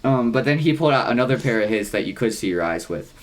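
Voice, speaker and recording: A man's voice: mid-range voice, expressive, quick pace. A young man co-hosting a podcast, telling long rambling stories with lots of swearing and acted-out quotes. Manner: rambling storyteller, swears a lot, acts out quotes. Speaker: podcast co-host. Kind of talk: casual chat.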